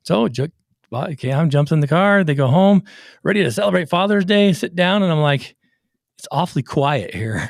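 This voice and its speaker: A middle-aged man hosting a casual podcast interview, an animated storyteller who acts out the voices in his anecdotes. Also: sits high, normal speed, creaky, no echo, clean studio sound. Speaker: podcast host and recovery coach.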